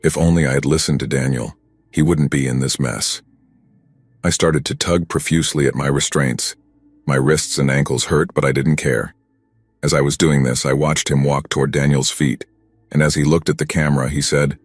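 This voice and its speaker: A man narrating a first-person horror story in a steady, grim, scripted telling. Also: a bass voice, a little fast, breathy edge, no echo.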